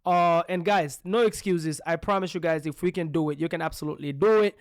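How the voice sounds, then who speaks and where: High-voiced hype man hosting. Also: fairly quick, clear, resonant tone, dry recording, clean studio sound. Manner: hype-driven, repeated "boom" catchphrase. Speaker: podcast host. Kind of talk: energetic podcast chat.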